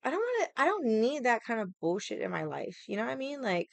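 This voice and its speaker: A woman's voice: fairly high pitch, huge pitch swings, fast talker, creaky, dry recording. A young woman hosting a casual livestream, ranting in a sassy, profane, rambling way and greeting viewers. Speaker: livestream host.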